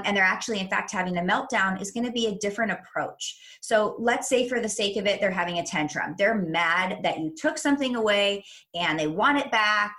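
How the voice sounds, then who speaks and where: A woman parenting coach, a younger adult, giving advice in a chat and explaining things clearly step by step. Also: medium pitch, fairly bright tone.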